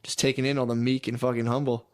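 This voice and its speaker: A man's voice: medium pitch, flat delivery, quick pace. A young man co-hosting a comedy podcast, bantering casually, swearing often and laughing at his own stories. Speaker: podcast co-host.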